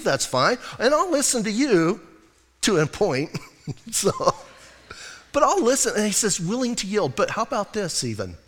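A man's voice: high voice, a bit bright, long reverb tail. A middle-aged man preaching a conversational sermon, joking and candid about his own faults. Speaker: pastor.

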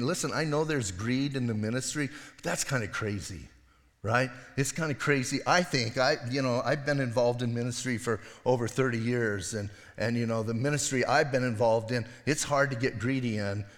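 A man's voice: medium pitch, big-room sound. A middle-aged male pastor giving a sermon, retelling the story in a casual, conversational way with acted voices.

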